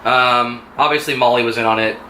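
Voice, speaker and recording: Male vlog host, rapid and bright, chatty reviewer acting out quotes; echoey room. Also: medium pitch. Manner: fast, animated retelling with quoted lines and laughs. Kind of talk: casual chat. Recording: echoey room with faint noise.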